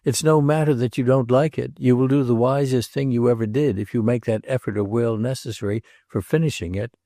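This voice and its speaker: A man voicing an earnest male friend in a read novel, pleading with steady, urgent seriousness. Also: mid-range voice, fairly quick, dry recording, clean studio sound, natural voice. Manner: earnest, urging.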